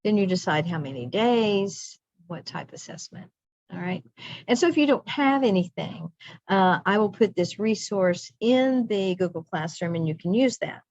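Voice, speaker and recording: A woman's voice: medium pitch, animated, normal speed, a little mellow, no room sound, lo-fi sound. A middle-aged woman leading a recorded teacher training session, chatty and self-interrupting, laughing at herself.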